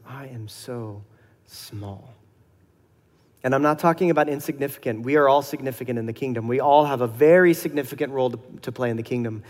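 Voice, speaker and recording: Conversational male pastor in a reverberant hall. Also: on the high side. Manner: conversational, acts out dialogue with soft laughs. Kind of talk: sermon.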